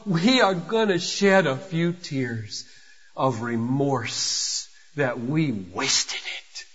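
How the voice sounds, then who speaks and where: A man preaching a sermon, swinging from hushed to shouting. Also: mid-range voice, animated, extremely slow, husky. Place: church sanctuary. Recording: lo-fi recording in a reverberant hall.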